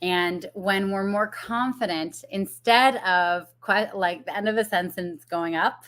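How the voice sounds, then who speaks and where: A woman's voice: medium pitch, unhurried, fairly bright tone. A woman business coach giving a casual live-streamed talk, chatty with fillers and frequent laughs.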